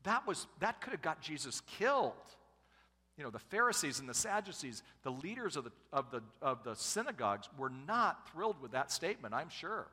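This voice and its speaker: A man's voice: fairly high pitch, sing-song, a little fast, pushed and bright, slightly rough, big-room sound. A middle-aged man preaching a sermon, conversational and humorous, making asides to the congregation. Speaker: pastor and family speaker.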